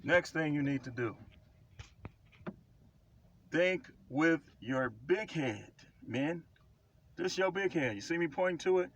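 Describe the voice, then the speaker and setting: A man who calls himself a prophet preaches blunt, emphatic life advice to camera, repeating himself for stress in a casual monologue. His slightly high, gravelly voice is animated but slow, with long pauses, and faint vehicle noise hums in the background.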